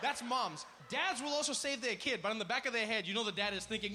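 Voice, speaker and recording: A man doing stand-up comedy, telling a story in an animated way and acting out the people in it. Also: high-pitched, fairly quick, few pauses, noisy background. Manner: animated, acts out characters.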